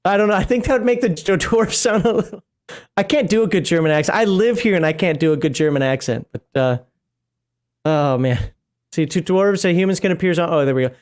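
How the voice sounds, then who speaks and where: A man's voice: high voice, a little fast. A man co-hosting a tabletop game livestream, reading rulebook passages aloud and breaking into chatty, laughing asides. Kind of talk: casual chat while reading a rulebook aloud.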